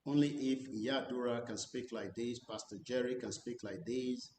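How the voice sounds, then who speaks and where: A Nigerian man speaking as an activist commentator, switching between English and Yoruba. He talks earnestly and deliberately, pressing on key phrases. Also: a little mellow. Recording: roomy recording with faint rumble.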